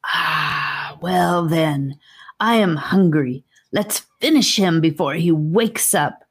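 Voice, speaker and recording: A woman's voice: low voice, takes it slowly, slightly rough, exaggerated voice. A woman reading an audiobook, voicing an evil, authoritative female snake creature with a commanding, menacing manner. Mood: gloating.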